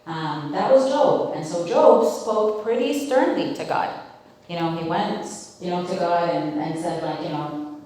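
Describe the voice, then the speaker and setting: A woman's voice: fairly low pitch, expressive, slow pace, dark tone, slight background noise. A woman leading a Bible study, talking casually and asking the group questions, with lots of fillers. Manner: conversational, asks the group questions, many fillers. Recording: very echoey room, mic at a distance.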